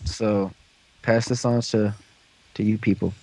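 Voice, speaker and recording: A warm, low-leaning male voice, fairly even in intonation and measured in pace, belongs to a podcast host recapping an episode. Over a casual voice call, he rambles and performs the characters' lines.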